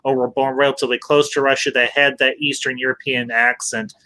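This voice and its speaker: Host: man, bright and tense in tone, chatty, emphatic reviewer who stumbles over his words. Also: medium pitch, level tone, brisk. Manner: emphatic, keeps saying "I'll say this"; frequent word restarts. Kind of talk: casual movie review chat.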